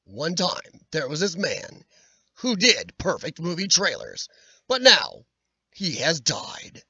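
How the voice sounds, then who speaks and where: A man's voice: a little high, huge pitch swings, slow pace, pushed and bright, slightly rough, no echo, dull audio, exaggerated voice. A man doing a grave movie-trailer narrator. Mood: dramatic.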